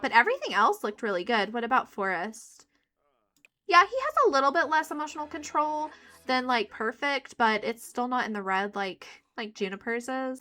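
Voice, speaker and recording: A young woman gives a chatty let's play commentary, addressing viewers as she plays a life-sim game. Her voice is bright and fairly high, and her pitch leaps around as she reacts. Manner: chatty, excitable, talks to viewers. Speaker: gaming YouTuber.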